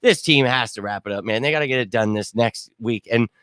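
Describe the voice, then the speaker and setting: Hoarse guy ranting about his team's loss, cusses, repeats himself, mid-pitched, dry close mic. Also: a little fast, fairly bright tone, no echo. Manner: fired-up, blunt, swears, repeats himself. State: choked up and hoarse from screaming. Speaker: host of a sports fan show. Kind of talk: casual postgame fan rant.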